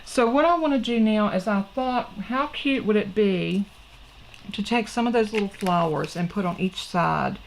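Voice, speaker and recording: A woman's voice: medium pitch, normal speed, gravelly, a little hiss or hum, low-quality recording. A middle-aged woman, hosting a casual craft tutorial in a chatty, folksy way and talking straight to her viewers. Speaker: crafting channel host.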